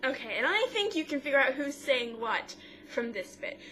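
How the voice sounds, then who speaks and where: A woman with a fairly high voice talks through a TV episode as she co-hosts a casual podcast. She quotes each line in turn and often stops to restart. A steady hiss of noise sits under her voice throughout. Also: moderate pace. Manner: retells scenes quote by quote, with frequent restarts. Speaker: co-host of a mother-daughter podcast. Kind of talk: casual chat recapping a TV episode.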